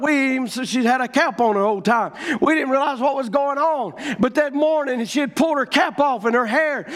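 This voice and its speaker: A middle-aged man preaching a revival sermon, fervent and often shouting his declarations. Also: very high voice. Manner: fervent, shouting, rising to proclamations.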